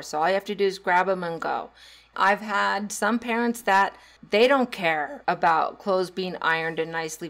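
A middle-aged woman, a teacher, hosting a casual solo podcast, chatty and laughing often, turning animated when she acts out a scene. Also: fairly low pitch, vocal fry.

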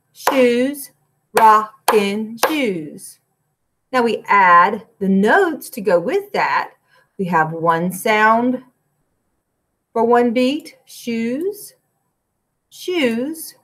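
A woman music teacher with a fairly high, sharp voice records a lesson for young children from her classroom. She claps and chants rhythms, breaking into short sung lines.

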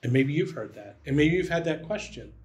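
A man's voice: on the high side, lively intonation, fairly quick. A man, the church's pastor, preaching a sermon in a conversational style, often checking in with "right?".

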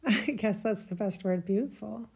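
Woman, husky breathy voice, warm mellow tone, emotional halting storytelling, choked up. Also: mid-range voice. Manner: emotional, halting, searching for words. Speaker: spiritual channel host. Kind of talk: personal spiritual storytelling.

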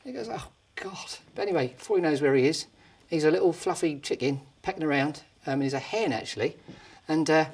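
A man's voice: fairly high pitch, quick pace, breathy edge. A man telling a crude shaggy-dog joke in a chatty, matey way. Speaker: stand-up comedian.

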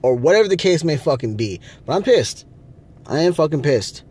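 A man's voice: a little high, big pitch swings, normal speed, darkish tone, breathy edge. A man vlogging from a rental car, ranting angrily with lots of swearing. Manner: angry, profane ranting. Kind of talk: casual vlog rant.

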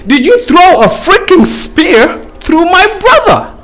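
A man's voice: very animated, takes it slowly, a bit bright, heavily acted. A man voicing a furious young male gazelle who curses at the killer of his brother. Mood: outraged. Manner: outraged, cursing, shrill.

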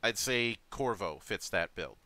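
A man in a casual discussion, his low voice bright and pushed forward. He restarts sentences often while working out his points. The sound is dry and close. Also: lively intonation, no room sound. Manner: halting, frequent restarts and fillers.

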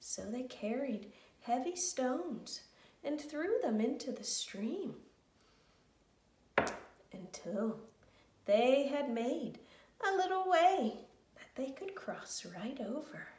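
A woman telling a children's story in a slow, gentle way, with sung refrains. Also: high voice, very animated, roomy sound, distant mic.

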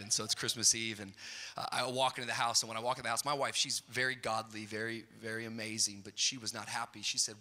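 A middle-aged man preaching a sermon, telling a funny story in a storyteller's way and building up to shouted peaks. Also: medium pitch, fairly even intonation, fast. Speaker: pastor. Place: large church auditorium. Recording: hall reverb.

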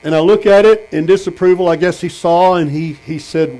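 Fairly high-voiced preacher man. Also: moderate pace, hardly any pauses, warm tone, rough recording. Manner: storytelling, asks the congregation questions. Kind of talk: sermon. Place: tent meeting.

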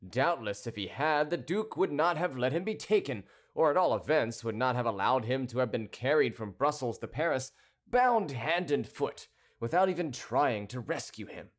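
A man's voice: medium pitch, animated, moderate pace, natural voice. A man voicing a proud, hot-tempered middle-aged cavalier who speaks haughtily and impatiently, pushing his voice up.

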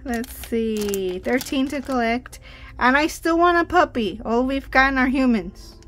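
A woman's voice: high voice, unhurried, fairly bright tone, slight background noise. A woman hosting a toy unboxing video, chatty and giggly, exclaiming over tiny toys. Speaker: toy review host. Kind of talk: casual unboxing chat.

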